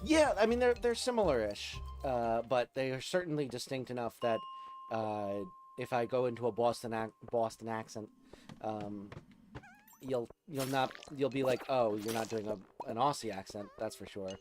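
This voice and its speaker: Male gaming streamer, mid pitch, casual rambling commentary, game music clearly audible behind. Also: normal speed. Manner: chatty, rambling, frequent restarts.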